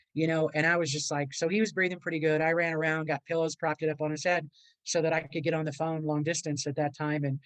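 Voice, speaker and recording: A woman's voice: low-pitched, little pitch movement, quick pace, no room sound, rough recording. A middle-aged woman, a podcast guest and motivational speaker, telling a personal story in a rambling, earnest way and acting out the voices of people in it.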